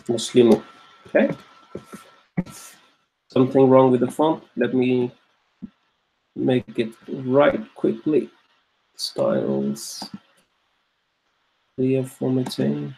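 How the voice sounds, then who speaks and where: A man's voice: mid-range voice, animated, very slow, vocal fry, pauses often, mellow, a little hiss or hum. A man teaching an online grammar class, patiently repeating each point and checking that students follow. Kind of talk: online Arabic grammar lesson.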